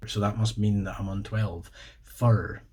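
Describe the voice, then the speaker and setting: A man's voice: on the low side, level tone, normal speed, a little mellow, slightly rough. A Scottish man hosting a casual video, spelling out words letter by letter and slipping in dry jokes. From Scotland. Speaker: video host. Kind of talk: casual explanatory vlog.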